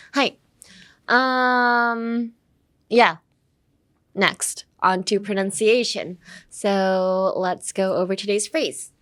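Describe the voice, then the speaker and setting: A woman's voice: mid-range voice, fairly bright tone. A young woman from California teaching English casually, mixing in Japanese and leaning on "um" and "like". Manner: uses lots of "um" and "like" fillers; switches between English and Japanese.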